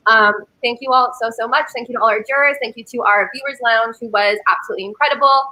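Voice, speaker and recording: A woman host reads out final votes one at a time, pausing to build suspense. Her voice is bright and a little high, heard over a video call. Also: low-quality recording. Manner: measured, suspenseful vote reading. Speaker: game host reading votes. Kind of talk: announcing results.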